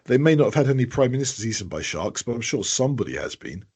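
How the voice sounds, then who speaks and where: A man's voice: medium pitch, very animated, fast talker, a little mellow, breathy edge. A man co-hosting a podcast, joking and rambling in casual chat, stumbling over his words. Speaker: podcast co-host.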